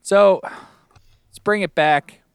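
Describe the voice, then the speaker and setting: A man co-hosting a podcast in a relaxed, chatty way. His voice is smooth and resonant, and the recording is close and dry. He rambles happily and trips over names now and then. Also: high-pitched, very slow, no echo. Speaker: podcast co-host. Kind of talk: casual chat about a TV show.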